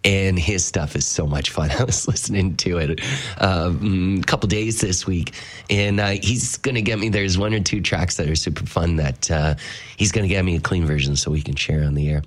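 A man's voice: low-pitched, fairly even intonation, moderate pace. Laid-back radio DJ man. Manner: loose, rambling, laughing often. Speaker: radio host. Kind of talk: casual radio chat. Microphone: studio mic.

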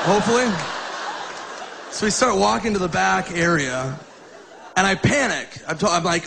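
A man's voice: sits high, expressive, normal speed, creaky, noisy background. A man doing stand-up, telling a story in a loose, laughing way and acting out voices. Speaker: stand-up comedian.

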